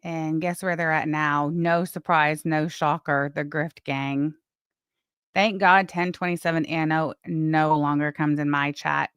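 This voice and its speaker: A woman's voice: low voice, flat delivery, a little slow, fairly bright tone, clean tone, no echo, studio quality. A woman co-hosting a live stream, talking casually in a blunt, profane and scornful way. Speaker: co-host of a live commentary stream.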